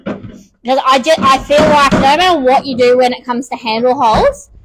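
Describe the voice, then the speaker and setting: A woman's voice: sits high, steady tone, normal speed, noisy background. A woman with an Australian accent, out of breath, chatting casually with many ums while restoring furniture on a live stream.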